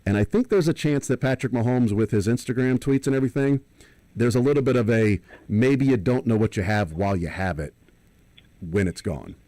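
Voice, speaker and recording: A man's voice: medium pitch, fairly quick, warm tone, no echo. A man co-hosting a sports radio show, thinking aloud in long, rambling analogies. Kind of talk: casual sports talk. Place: radio studio.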